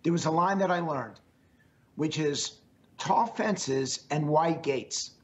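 A man's voice: on the high side, takes it slowly, lo-fi sound. A man speaking as a guest in an interview, earnest and emphatic, with a strained voice, often repeating his phrases. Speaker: pollster guest. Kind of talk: remote interview answers.

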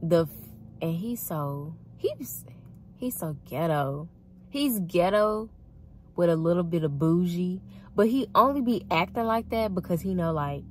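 A woman's voice: fairly low pitch, a little hiss or hum. A young woman telling a dating story to her viewers in a casual, chatty way, often laughing and calling them y'all. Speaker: vlogger.

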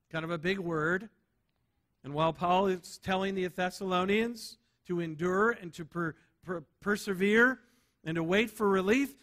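An American pastor with a bright, high male voice delivers a sermon emphatically. He repeats key words for stress and checks in with the congregation with rhetorical "right?"s.

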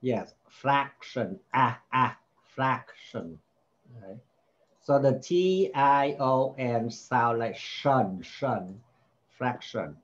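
A man takes a child through spelling words at an unhurried pace. He sounds out the vowels patiently and repeats each word before moving on. His voice sits at a middle pitch, and the recording sounds dull and lo-fi. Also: expressive. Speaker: home tutor.

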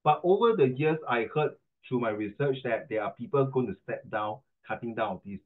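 Joking Singaporean tutor on a tinny line. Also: male voice, mid-range voice, lively intonation, normal speed. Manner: playful, joking, rhyming wordplay. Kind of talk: online class lecture.

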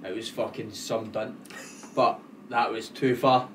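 A young Scottish man co-hosting a podcast, excitable and sweary, acting out quotes in his stories. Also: on the low side, unhurried, recorded from a distance. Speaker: podcast co-host. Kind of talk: casual chat. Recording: echoey room, off-mic, faint hiss.

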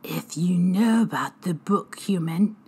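A woman's voice: lowish voice, lively intonation, extremely slow, gravelly, slightly rough, heavily acted. A woman voicing an old, drunken female fairy healer who talks in whispery, broken speech. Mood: threatening.

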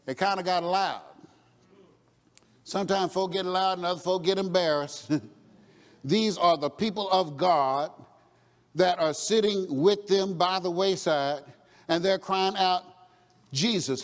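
A man preaching a sermon in call-and-response style, now and then shouting or chanting his refrains. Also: sits high, steady tone, unhurried, long pauses, long reverb tail.

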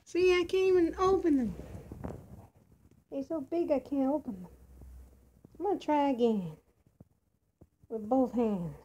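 Showy young female doll on her way out clubbing, voiced by a woman; keep it playful and chatty, high and unhurried. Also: expressive, mellow, dull audio, slight background noise. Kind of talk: doll play narration.

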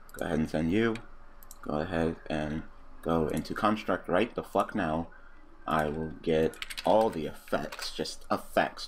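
A man giving casual let's-play commentary, cursing freely and breaking into loud, excited outbursts and laughter. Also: low voice, slight background noise. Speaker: gaming commentator.

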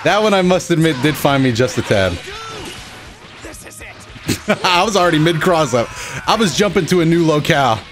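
A young man giving excitable, joking commentary over his own fighting-game matches, yelling at big moments. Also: a little high, normal speed, long pauses. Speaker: gaming channel host. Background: game music.

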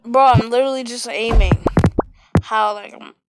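A woman with a slightly high, steady voice gives casual, sarcastic gameplay commentary at normal speed into a close mic, breaking into sudden exclamations. Loud game music plays behind her.

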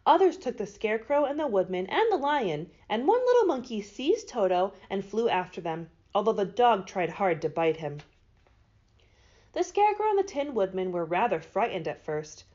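A librarian reads a children's storybook aloud, her lively voice rising and falling through the narration. She sounds mid-pitched for a woman. The recording is dull and lo-fi. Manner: expressive.

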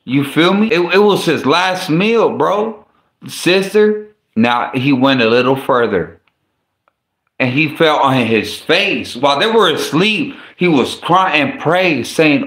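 A man's voice: a little high, lively intonation, slow, a bit bright. Man preaching casually in a roomy echo. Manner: conversational, repetitive restarts, slang asides. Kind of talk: casual sermon.

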